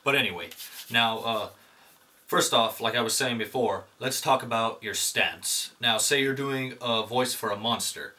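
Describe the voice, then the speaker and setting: A young man films himself in a room at home, hosting a casual comedic tutorial that rambles, pokes fun at himself, and is full of fillers. His medium-pitched voice is unhurried, pushed, and bright, and the room echoes.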